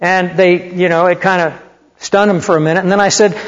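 An older man preaching a sermon, telling stories in an animated, conversational way. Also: high-pitched, brisk. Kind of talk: sermon with storytelling. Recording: muffled hall recording with long reverb.

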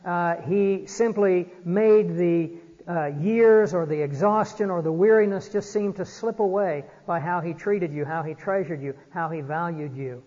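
A man preaching an earnest, exhorting sermon from a church pulpit, often pausing on "uh". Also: a little high, darkish tone. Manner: earnest, exhorting, frequent "uh" fillers. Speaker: pastor. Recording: dull recording in a reverberant church hall.

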